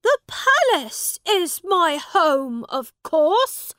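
A woman voicing a young boy king who is proud and earnest, speaking in a high, commanding voice. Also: very animated, slow, a bit bright, no room sound, studio quality, heavily acted.

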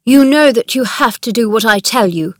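A woman's voice: fairly high pitch, moderate pace, no echo, studio quality, lightly acted. A woman voicing a bossy sickly boy. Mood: commanding. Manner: commanding, imperious. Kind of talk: read-aloud storybook dialogue.

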